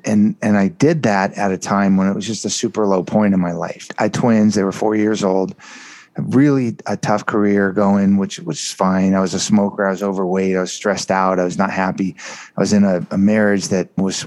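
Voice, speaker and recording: A man with a fairly low voice talks openly about his own life as an interview guest. He tells it earnestly and with animation, with frequent casual asides to the listener. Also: a little mellow. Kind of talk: candid personal storytelling.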